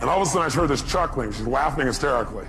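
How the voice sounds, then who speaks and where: A man's voice: animated, racing, vocal fry. Emphatic male motivational speaker over music. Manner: emphatic, rhetorical questions to the crowd; swings from loud bursts to low intimate asides. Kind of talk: motivational speech to an audience. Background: music bed.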